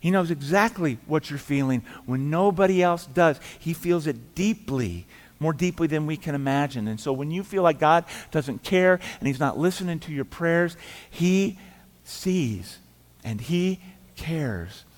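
A middle-aged man preaching a sermon as pastor, telling the story in a conversational way, acting out quoted voices and dropping quiet for emphasis. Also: on the high side, animated, a little slow. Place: church sanctuary. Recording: church hall reverb.

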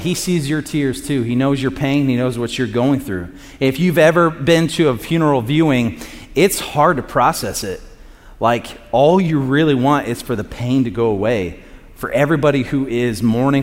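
A man's voice: medium pitch, big-room sound. A man preaching a sermon in a casual, joking way, acting out quotes. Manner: conversational and joking, acts out quotes. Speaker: pastor.

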